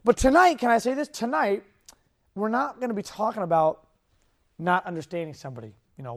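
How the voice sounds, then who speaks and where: As a youth pastor, a man in his thirties preaches to teenagers with animated, playful energy, acting out kids' voices in his stories. His voice sits high, and he talks fast.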